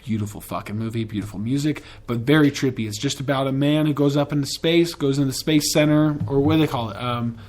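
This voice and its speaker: A man's voice: medium pitch, fast, hardly any pauses, darkish tone. A man hosting a podcast in a casual, rambling and profane way, with enthusiastic tangents. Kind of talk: casual chat.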